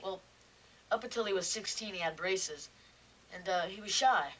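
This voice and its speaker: A shy brooklyn teen boy, halting, mic kinda far, some hiss. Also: high-pitched, a bit bright. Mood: earnest. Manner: hesitant, halting, lots of ums. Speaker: fan club president. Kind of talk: film drama acting.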